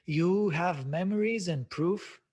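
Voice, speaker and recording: A man's voice: high-pitched, takes it slowly, darkish tone, husky. A man hosting a self-development webinar, speaking reflectively with many hesitant filler sounds. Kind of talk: live webinar talk.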